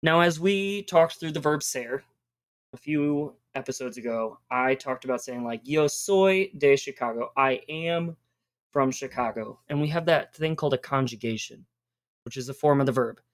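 A woman's voice: a bass voice, normal speed. A woman hosting a podcast, teaching Spanish verb endings in a casual, encouraging way and spelling out words.

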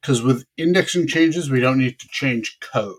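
Guest expert, man, relaxed explainer, plain conversational voice. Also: mid-range voice, normal speed. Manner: explanatory, relaxed, uses examples. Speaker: database consultant guest. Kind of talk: casual podcast interview.

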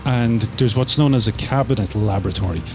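A man narrating as game master of a tabletop game, relaxed and full of fillers. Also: medium pitch, fairly quick, music in the background.

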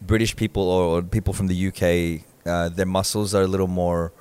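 A man's voice: low voice, level tone, brisk, darkish tone, clear, resonant tone, no room sound. A man co-hosting a podcast, chatting casually and rambling with frequent restarts. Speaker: podcast co-host. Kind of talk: casual chat.

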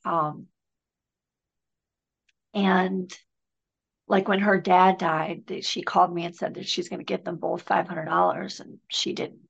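A woman's voice: lowish voice, steady tone, a little slow, gravelly, long pauses, highs cut off. A middle-aged woman from Michigan, a podcast guest talking in a loose, rambling way with many fillers and restarts. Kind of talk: casual conversation.

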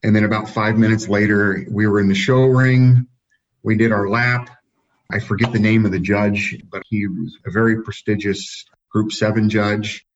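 A man, a dog-breeder guest on a podcast, telling relaxed anecdotes in a casual way. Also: on the low side, normal speed, slight background noise. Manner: relaxed, anecdotal, chuckles at his own stories. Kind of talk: casual storytelling. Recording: dull lo-fi sound.

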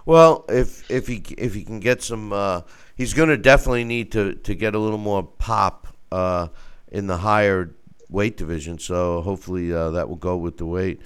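A man talking boxing on a show as a guest, animated, with stammering restarts. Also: low-pitched, moderate pace, clean tone. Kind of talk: casual boxing talk.

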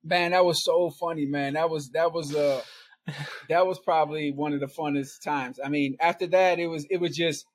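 Spinning a long, wandering story on a podcast, a middle-aged guest keeps things casual, laughing often and adding "right?" and "man" to his lines. His voice is a little high with a steady tone and moderate pace, and there's slight background noise.

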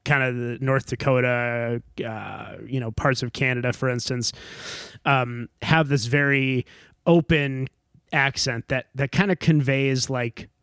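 A man's voice: medium pitch, steady tone, measured pace, a bit bright, smooth, dry recording, clean studio sound. A man from the northern United States co-hosting a casual conversation, thinking aloud with many fillers and restarts. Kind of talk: casual chat.

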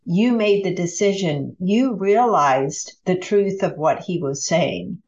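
Female podcast host with a low voice, reflective and full of questions, on dull lo-fi audio. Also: slow, darkish tone. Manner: reflective, asks layered follow-up questions. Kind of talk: conversational podcast interview.

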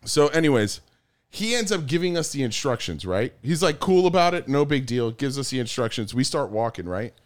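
A man casually telling a story among friends, animated, swearing a lot and acting out the quotes. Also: mid-range voice, brisk.

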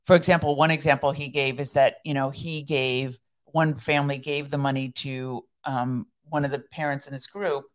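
Low-voiced, chatty woman co-host. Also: steady tone, moderate pace, hardly any pauses. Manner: explanatory, chatty, laughs easily. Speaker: podcast co-host. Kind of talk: casual chat.

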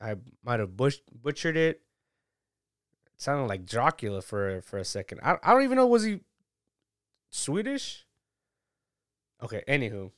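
A man's voice: medium pitch, normal speed, pauses often, no echo, clean studio sound. A man giving a casual, chatty sermon, reading scripture and laughing at his own asides. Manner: relaxed, chatty, laughs at himself. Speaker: preacher.

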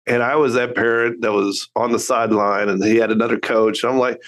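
A middle-aged man speaks as a podcast guest with earnest, reflective candor. His voice sits at an ordinary pitch, and he tells stories in a loose conversational way. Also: fairly even intonation, brisk, hardly any pauses, a bit bright. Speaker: podcast guest, father and coach. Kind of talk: casual conversational storytelling.

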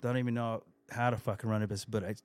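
A man's voice: lowish voice, very fast, no room sound. Foul-mouthed man telling rowdy stories. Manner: swears constantly, animated storytelling. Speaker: guest musician. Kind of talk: casual podcast chat.

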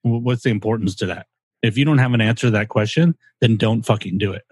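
A man's voice: fairly low pitch, fast, darkish tone, husky, no room sound. A man co-hosting a podcast, talking in an opinionated, rambling casual way with some swearing. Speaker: podcast co-host. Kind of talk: casual chat.

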